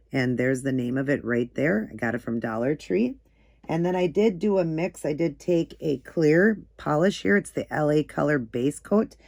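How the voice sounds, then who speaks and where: With a low, slightly mellow voice, this middle-aged nail art channel host chats her way through a tutorial. Her talk is rambling and casual, and she tends to say things more than once.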